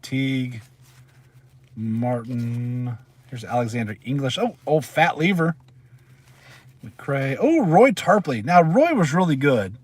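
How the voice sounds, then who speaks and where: A man's voice: medium pitch, expressive, slow pace, long pauses, darkish tone. A middle-aged man hosting a casual live stream from his parked car, chatting and rambling as he reads out names. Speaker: channel host.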